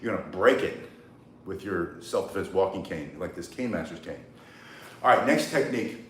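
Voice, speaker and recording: A man's voice: low voice, expressive, normal speed, a little hiss or hum. An older man teaching cane self-defense outdoors, blunt and rambling, with joking asides. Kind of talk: live outdoor workout lesson. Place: outdoors in the sun. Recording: roomy echo, mic set at a distance.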